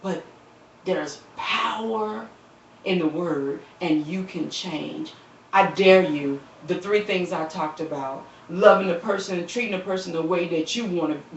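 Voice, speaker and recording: Woman, fervent preaching-style appeal, repetitive, roomy echo, distant dull phone audio. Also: medium pitch. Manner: impassioned, swells into shouting then drops soft; quotes scripture, repeats phrases. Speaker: live-stream speaker.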